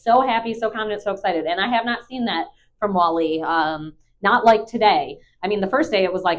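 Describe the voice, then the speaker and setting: A woman's voice: mid-range voice, expressive, moderate pace. A young woman, a dog trainer, chatting casually and bubbly with many fillers into a clip-on mic. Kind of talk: casual vlog chat.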